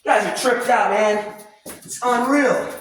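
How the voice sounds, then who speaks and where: A man ranting loudly and animatedly in casual commentary, swearing freely. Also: very high voice, measured pace, slight background noise. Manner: loud, animated, profane ranting. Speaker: commentary vlogger. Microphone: camera mic at a distance, no clip-on mic. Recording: very echoey room, voice far from mic.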